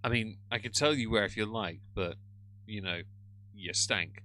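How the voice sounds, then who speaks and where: A man talks over a live stream with sarcastic, chatty remarks to viewers and his pets. His voice is bright and forward, a touch low, and sits close and dry on a headset mic with no room around it. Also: normal speed, no room sound. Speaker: live streamer reacting to a video. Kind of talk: casual live-stream commentary. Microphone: headphones with a cable.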